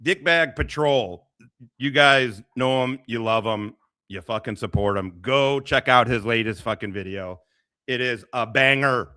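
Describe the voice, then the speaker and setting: A man's voice: medium pitch, unhurried. A man hosting a casual reaction stream, cursing freely and laughing often as he comments on clips. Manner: profane, laughs often, animated.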